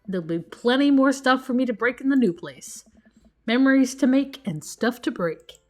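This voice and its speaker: A woman's voice: high voice, normal speed, faint music behind. Woman reading a sassy teenage daughter. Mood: teasing. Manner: sassy, deadpan teasing.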